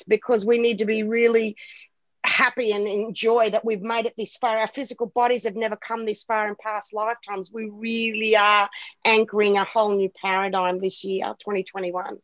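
A woman's voice: medium pitch, level tone, moderate pace, fairly bright tone, no room sound, lo-fi sound. A woman from Australia, a guest spiritual guide talking in an earnest, rambling way on a radio show. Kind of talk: casual radio talk.

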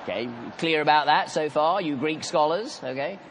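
A man preaching a sermon, telling the story in an animated, conversational way with asides to the congregation. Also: fairly high pitch, normal speed, in a large hall, background noise.

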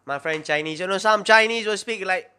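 A man's voice: high-pitched, fairly quick, sharp tone, smooth. A young man with a Singaporean English accent, chatting casually and rambling with lots of fillers and slang. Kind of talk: casual chat.

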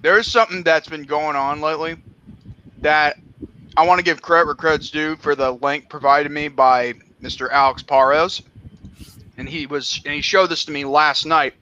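Bright-voiced man with a dull, lo-fi sound. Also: on the high side, fairly even intonation, moderate pace. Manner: eager, teasing build-up before showing something. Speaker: podcast co-host. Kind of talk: casual chat.

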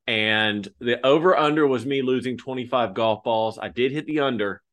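A man's voice: medium pitch, moderate pace, fairly bright tone. A man co-hosting a sports podcast, talking in a laid-back, joking way. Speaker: podcast co-host. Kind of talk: casual sports podcast chat.

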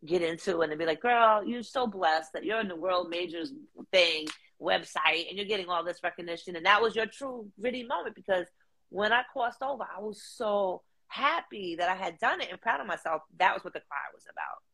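Animated middle-aged New woman. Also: lowish voice, a little fast. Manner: animated, slangy storytelling with lively put-on voices. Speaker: guest. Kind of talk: casual storytelling chat.

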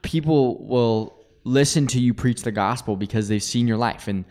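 A man's voice: mid-range voice, moderate pace, a little mellow. A man co-hosting a casual church chat, teasing his partner and thinking aloud with many restarts.

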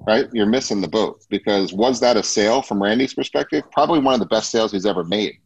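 A man's voice: fairly low pitch, fast, gravelly, slightly rough, no room sound, lo-fi sound. A man hosting a business talk in a coaching manner, often checking in with rhetorical questions. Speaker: host.

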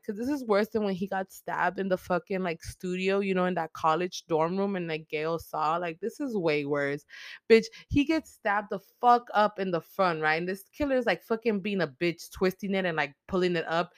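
A low-pitched woman rambles through a movie plot in a loose, profane, filler-heavy way, getting worked up as she retells it. Her voice sits close and dry, with no room sound around it. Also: fairly quick, no room sound. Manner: heavy swearing, filler-laden, emotional retelling. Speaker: movie recap host. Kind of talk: casual profane movie recap.

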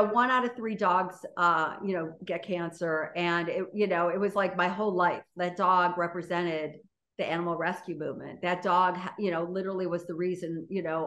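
A woman's voice: on the low side, a bit bright. A woman, a guest on an interview show, telling a story in a chatty, casual way full of "you know" and "like".

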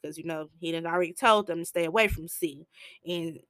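Animated woman retelling a movie, dry sound. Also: lowish voice, brisk, dry recording. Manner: animated, slangy, acts out quoted lines; blunt and profane. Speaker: film recap vlogger. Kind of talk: casual movie recap storytelling.

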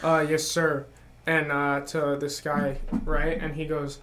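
A young man hosts a loose podcast chat with friends, joking and laughing as he talks. His voice sits a little high for a man. Chatter from the others fills the space around him. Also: completely flat delivery, slow. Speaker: podcast host. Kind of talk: casual chat.

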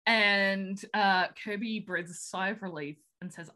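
A woman's voice: mid-range voice, fairly even intonation, a little slow, pushed and bright. A woman, chatting casually and laughing often as she recaps a film. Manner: giggly, chatty, many fillers.

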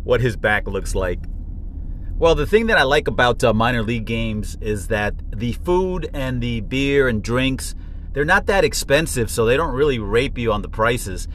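A man hosting a casual podcast chat, blunt and quick to swear. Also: mid-range voice, lively intonation, a bit bright, slight background noise. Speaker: podcast host.

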